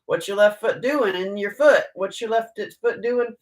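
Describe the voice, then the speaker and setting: A woman hosting a casual live talk, her voice pitched in a middle register. She jokes her way through it, bursting into sudden loud, high exclamations, and she keeps restarting her sentences and filling gaps with "like.". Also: normal speed, low-quality recording. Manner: animated, joking, many restarts and fillers. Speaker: host.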